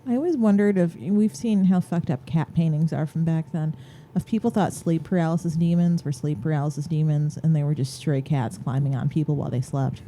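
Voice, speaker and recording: Woman podcast co-host, low and mellow, dry jokey delivery. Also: a little fast, slight background noise. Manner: wry, joking asides. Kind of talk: casual chat.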